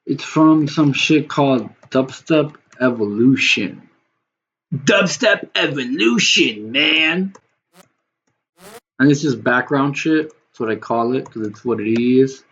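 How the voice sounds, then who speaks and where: A man's voice: mid-range voice, measured pace. Casual man producing beats on stream. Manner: rambling, loose and profane, talks to chat viewers. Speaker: music producer streaming a beat-making session. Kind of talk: casual livestream talk while producing. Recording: slightly dull lo-fi stream audio with faint noise.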